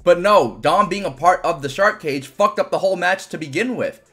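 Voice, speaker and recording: A man's voice: high-pitched, moderate pace, fairly bright tone, faint music behind. A young man giving a casual, frustrated review of a wrestling event, ranting animatedly and swearing often.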